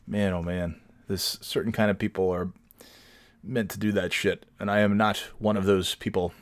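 A man talks casually into his home podcast mic, rambling and swearing freely with a self-deprecating edge. His voice sits fairly low. The sound is dry and close, with almost no room around it. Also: fairly even intonation, moderate pace, no room sound. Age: adult with children. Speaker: podcast host. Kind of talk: casual solo podcast storytelling. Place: home recording setup.

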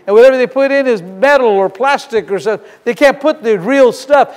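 A man's voice: very high-pitched, brisk. A male pastor preaching a sermon in a church, fervent and emphatic, often repeating and restarting his phrases. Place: church sanctuary. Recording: long reverb of a large hall.

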